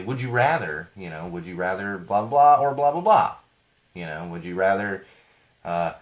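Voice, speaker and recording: A man hosting a live podcast, rambling and indignant in a casual rant, his voice going hoarse. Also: on the low side, a bit bright. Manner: rambling, indignant, self-correcting. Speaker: podcast host.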